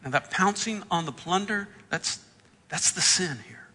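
A man preaches a sermon with a high, bright voice. He reads scripture and gives the characters' lines with dramatic jumps in pitch and loudness. The sound carries a long reverb from a large hall. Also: a little slow. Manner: acts out the Bible characters' lines with big swings in pitch and volume. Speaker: pastor.

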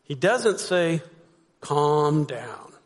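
A man's voice: on the high side, lively intonation, drawn-out words. A man preaching a sermon as pastor, talking to the congregation conversationally and asking them rhetorical questions. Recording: long hall reverb.

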